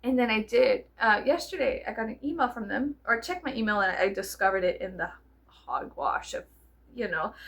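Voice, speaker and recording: A South Texas vlogger with a medium-pitched, creaky, slightly bright voice chats casually to the camera. She rambles, giggles and swears, with fillers everywhere.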